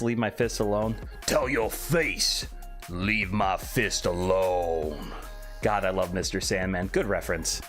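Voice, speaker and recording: A man streaming live, chatting casually and playfully while reading out and answering his chat. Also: mid-range voice. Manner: animated, reads chat aloud and answers playfully. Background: faint background music.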